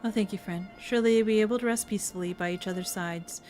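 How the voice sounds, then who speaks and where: A woman voicing a composed village leader in a fantasy game, speaking in a solemn, formal, steady way. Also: medium pitch, fast, faint music behind, close to an everyday voice.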